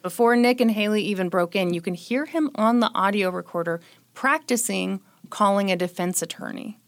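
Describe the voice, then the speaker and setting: A woman co-hosting a casual true-crime chat, retelling the details of a case with wry, dark jokes. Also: mid-range voice, moderate pace. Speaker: podcast co-host.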